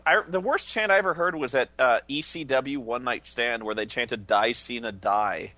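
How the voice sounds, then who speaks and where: Bright, lively man telling stories. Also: mid-range voice, moderate pace, no room sound. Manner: animated storyteller acting out quoted commentators. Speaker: stream participant. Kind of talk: casual banter among friends.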